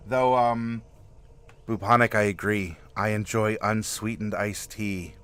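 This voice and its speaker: A man's voice: fairly low pitch, fairly even intonation, measured pace, fairly bright tone, clean tone. A man hosting a casual livestream, chatting with viewers in a rambling, friendly way and laughing often. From Florida. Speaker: livestream host. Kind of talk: casual livestream chat reading viewer comments.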